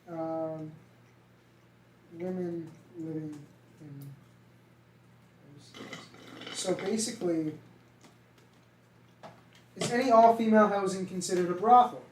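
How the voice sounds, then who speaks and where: A man's voice: high voice, unhurried, pauses often, a little mellow, slight background noise. A young man from Massachusetts with a heavy Boston accent, co-hosting a casual podcast chat and rambling, swearing now and then. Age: young adult. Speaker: podcast co-host. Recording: echoey room, mic at a distance.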